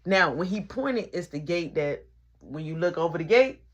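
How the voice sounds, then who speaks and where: A woman telling a story in a casual storytime monologue, animated and full of sound effects. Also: moderate pace, muffled recording. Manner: animated, punctuates with sound effects like boom and boop.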